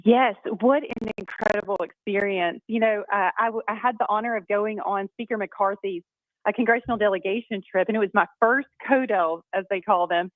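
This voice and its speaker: A congresswoman calls in as a guest on a radio show, telling stories with upbeat enthusiasm. Her mid-range voice moves fairly quickly and comes through a tinny phone line. The recording is dry.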